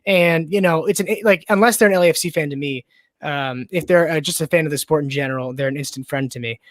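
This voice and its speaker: A man's voice: fairly high pitch, fast, no room sound. A young man hosting a podcast, chatting casually and rambling with lots of "like" and "you know". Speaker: podcast host. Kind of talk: casual interview chat.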